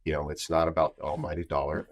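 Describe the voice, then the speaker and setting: A man with a very low voice hosts a relaxed podcast chat. He talks earnestly and circles back on himself as he explains his thinking. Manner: earnest, restarts and hedges, explains slowly. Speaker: podcast host. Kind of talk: casual podcast conversation.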